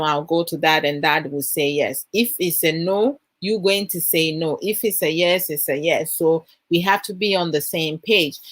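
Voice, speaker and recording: A Ghanaian woman with a lowish voice talks through a family story in a relaxed, rambling way, filling her sentences with "you know" and "I'm like". She jumps up in pitch when she acts out her own questions to her child. The sound is close and dry, with no room behind it. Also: no echo. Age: adult mother of a young child. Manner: chatty, many fillers like "you know" and "I'm like". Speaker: host sharing parenting advice. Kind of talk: casual storytelling monologue.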